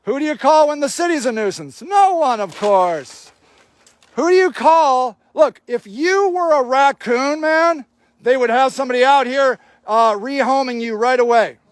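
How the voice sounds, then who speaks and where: A man's voice: very high-pitched, lively intonation, measured pace, no echo. A man filming a livestream outdoors, giving indignant, sarcastic running commentary and swearing freely. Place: outdoor homeless camp in snowy cold.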